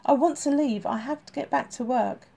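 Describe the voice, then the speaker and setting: A woman reads as a stubborn male detective, frustrated and defensive, stuck in a hospital bed. His voice comes out raised and pushy, with a gravelly, warm edge. It is an audiobook reading. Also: high voice, moderate pace, pitched above the performer's own voice.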